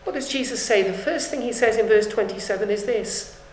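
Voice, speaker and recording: Woman preacher delivering a sermon with earnest fervour; slightly high voice, roomy echo. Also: a little fast, slight background noise. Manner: earnest, rising to fervent appeals. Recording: echoey room.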